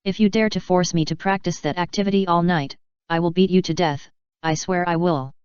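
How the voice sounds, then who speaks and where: A woman voicing a flustered, hot-tempered young woman wizard in an even, flat read. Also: lowish voice, fairly quick, clear, resonant tone, no room sound, dull audio, natural voice.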